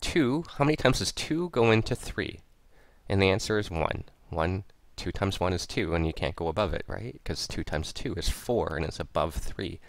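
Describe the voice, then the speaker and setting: Recording a screen lesson at his computer, a math teacher with a low, gravelly voice walks through a step-by-step tutorial. He's animated yet patient, speaks at a moderate pace, and repeats each step aloud as he writes. There's no room sound.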